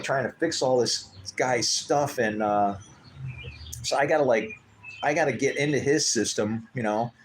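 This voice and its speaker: A man in an easy mid-pitched voice, chatting on his own live stream. He tells stories loosely and acts out the people in them, his voice leaping up when he quotes them. A faint hum sits behind him. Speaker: livestream host. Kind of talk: casual storytelling chat.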